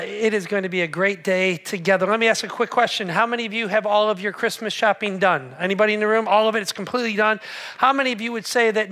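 High, bright-voiced pastor preaching. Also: male voice. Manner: conversational, jokey, asks the congregation questions. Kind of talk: sermon. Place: church auditorium.

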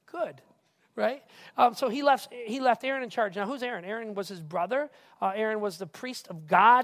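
A male pastor preaching a casual, animated sermon who keeps asking the crowd questions. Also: high-pitched. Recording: reverberant hall.

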